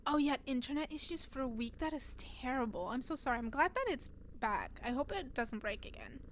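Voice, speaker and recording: Speaking fairly quickly in a high voice, a woman on stream tells lively stories to her viewers and laughs a lot. A faint cat purr sits in the background, along with a little hiss or hum.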